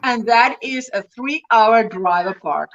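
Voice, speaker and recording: A woman's voice: fairly high pitch, unhurried, muffled recording. A woman hosting a casual livestream chat, reading out viewer comments and adding her own thoughtful remarks.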